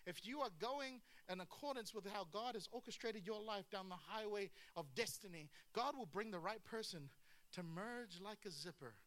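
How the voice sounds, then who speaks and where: Animated, bright-voiced male preacher. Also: sits high, normal speed. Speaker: pastor. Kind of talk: sermon.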